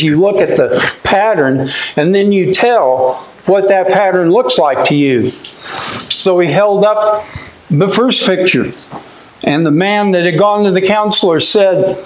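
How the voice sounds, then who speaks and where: A man preaching a sermon with an emphatic, drawn-out cadence. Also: high voice, roomy sound, poor audio.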